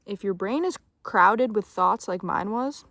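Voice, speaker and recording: With no room sound at all, a young woman's medium-pitched, fairly bright voice comes across animated yet measured. It's a casual motivational talk to camera: emphatic self-help tips, plenty of swearing, moments of whispering, and repeated "okay?" check-ins.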